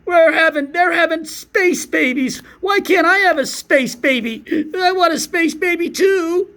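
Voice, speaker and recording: A man mocking a shrill wailing wife. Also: a little slow, sharp tone, full character voice. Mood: hysterical. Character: hysterical crying wife, adult woman.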